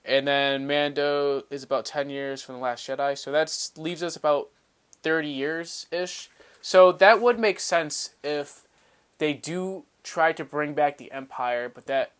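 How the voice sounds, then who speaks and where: A man co-hosting a fan podcast in a smooth, resonant voice. He works through his thoughts out loud in a steady, earnest way and keeps the tone casual. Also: a little high, unhurried. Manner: reasoning things out, earnest. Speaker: podcast co-host.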